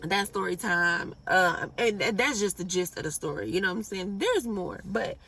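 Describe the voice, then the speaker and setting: A young woman vlogger telling a storytime in a casual, animated and profane way. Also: medium pitch, normal speed, breathy edge, distant mic. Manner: animated, blunt and profane, laughs at her own story.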